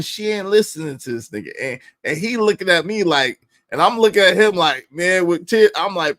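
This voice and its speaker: A man telling a personal story in profane street slang, swinging between low mutters and loud outbursts. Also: animated, moderate pace, gravelly, hardly any pauses. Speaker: podcast storyteller. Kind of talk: animated storytelling.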